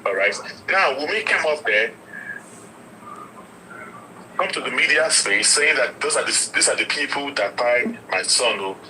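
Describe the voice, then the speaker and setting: Bright-toned male commentator. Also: mid-range voice, animated, a little hiss or hum, poor audio. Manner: measured, explaining the story.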